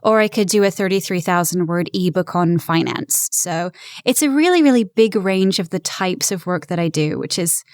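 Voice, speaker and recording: A woman's voice: lowish voice, expressive, normal speed, no echo, clean studio sound. A woman in her thirties from England, speaking with an American accent as an upbeat, chatty voice-actor guest who laughs easily in an interview. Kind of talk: casual interview chat.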